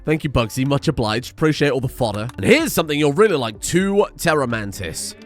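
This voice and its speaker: A young man giving excitable, chatty let's play commentary and swearing freely. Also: mid-range voice, a little fast, soft background music. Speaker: gaming streamer.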